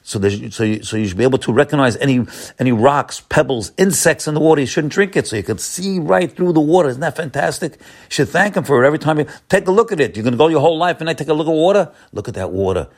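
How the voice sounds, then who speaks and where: A man giving an informal Torah lesson as a rabbi, repeating words often, rising for emphasis and then dropping low. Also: animated, quick pace.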